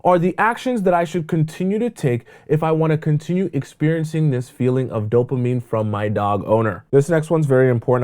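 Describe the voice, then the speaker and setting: A man's voice: mid-range voice, moderate pace, a little mellow. A man giving dating advice as a coach, emphatic and repetitive in a preachy way. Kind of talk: advice monologue to camera.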